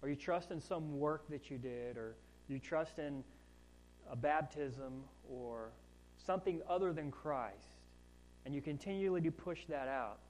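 A man's voice: fairly high pitch, unhurried, a little mellow, slight background noise, rough recording. A man preaching a sermon in a conversational way, with asides and rising emphasis on key points. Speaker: pastor.

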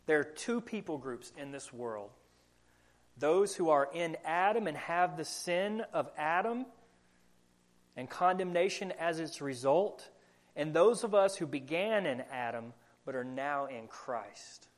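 Speaking in an unhurried, expressive way with a slightly high voice, this young adult pastor delivers a sermon in a Southern country American accent. He earnestly asks his congregation questions.

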